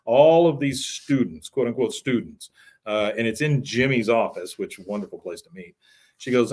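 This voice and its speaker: A man in a loose, chatty podcast recap, telling the story of a cartoon episode. His voice sits at an everyday middle pitch. Now and then he pops into high, squeaky character voices for the quotes. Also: lively intonation, normal speed, a little mellow, slightly rough. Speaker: podcast co-host.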